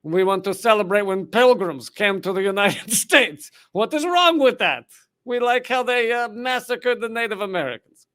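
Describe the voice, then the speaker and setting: A man putting on a clueless militia man, earnest and a bit raised in pitch. The voice sounds set back from the mic and louder than his usual talk. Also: animated, normal speed. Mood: mock earnest.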